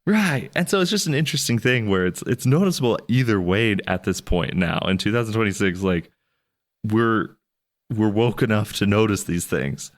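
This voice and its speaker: A man co-hosting a podcast, chatting casually about a movie, rambling and restarting with sudden animated jumps in pitch. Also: normal speed. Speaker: podcast co-host. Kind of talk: casual movie review chat.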